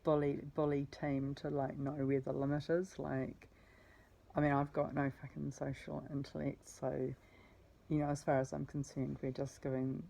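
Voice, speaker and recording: Low, gravelly woman rambling. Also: flat delivery, moderate pace, mellow, low-quality recording. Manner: meandering, self-correcting, casual swearing. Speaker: vlogger. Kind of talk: rambling personal storytelling.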